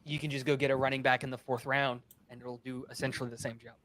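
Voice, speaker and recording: A man's voice: medium pitch, level tone, fast, a crowd in the background. A man in a casual football talk, arguing a point with emphasis. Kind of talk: casual chat.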